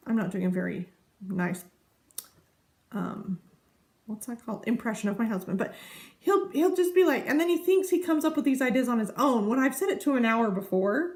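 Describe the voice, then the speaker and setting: A woman's voice: a little high, lively intonation, fairly quick, darkish tone. A woman in her thirties chatting casually to camera as a vlogger, rambling and easily sidetracked. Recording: echoey room.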